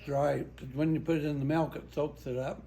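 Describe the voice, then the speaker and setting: A man's voice: fairly high pitch, little pitch movement, fairly quick, vocal fry, warm tone. An older man chatting at home while eating, plain-spoken and matter-of-fact. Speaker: husband at home. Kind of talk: casual kitchen chat. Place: home kitchen.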